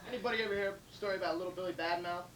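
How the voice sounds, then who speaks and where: A man's voice: high voice, fairly even intonation, very fast, roomy sound. A man telling a joke at an informal live comedy night in a chatty storytelling manner. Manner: chatty storyteller who laughs at his own punchlines. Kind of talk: casual stand-up joke telling. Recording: distant mic, clear background noise.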